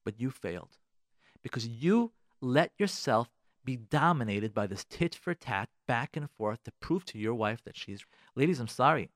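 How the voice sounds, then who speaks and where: A man's voice: mid-range voice, expressive, normal speed, dry recording, studio quality. A man giving marriage advice on a radio talk show, preaching with rhetorical questions and repetition. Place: radio studio.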